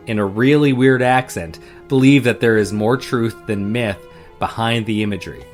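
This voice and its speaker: A man co-hosting a podcast, reading out news passages and dropping wry, joking asides. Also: mid-range voice. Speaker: podcast co-host. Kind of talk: casual chat and reading news aloud.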